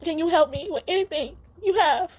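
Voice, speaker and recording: A young woman with a fairly high voice gives a casual spiritual card reading. She speaks in an earnest, emotional way and often pleads with her viewers. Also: fairly quick, darkish tone.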